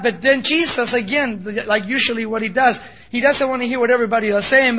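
A man preaching a sermon in an animated storytelling way with casual asides. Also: extremely high pitch, quick pace, few pauses. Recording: dull lo-fi recording.

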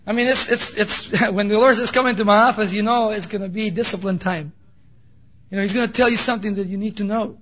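A man preaching a sermon in an animated storytelling way with casual asides. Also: sits high, a little fast. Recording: dull lo-fi recording.

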